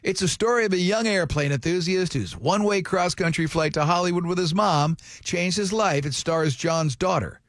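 A man on morning radio with a slightly high voice, wry and teasing. His delivery is quick and chatty, and the studio mic sounds dry and close. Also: fairly bright tone, no echo. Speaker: radio show co-host. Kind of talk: casual morning radio banter.

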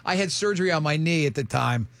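A man in his fifties tells rambling, animated stories about his long marriage. His voice sits a little high with a gravelly edge. The sound is close and dry. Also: fast talker, no room sound. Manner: rambling, animated storyteller with many restarts. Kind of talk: casual chat.

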